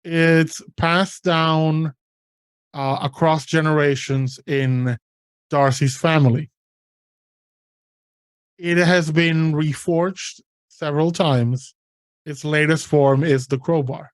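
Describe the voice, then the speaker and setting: A game master narrating a tabletop game in a relaxed way, with many fillers. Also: medium pitch, slow, long pauses, clear, resonant tone, no echo.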